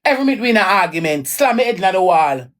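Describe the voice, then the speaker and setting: A woman's voice: medium pitch, sing-song, rapid-fire. A Jamaican woman telling an emotional personal story in a raw, emphatic way, often repeating her lines. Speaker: livestreamer.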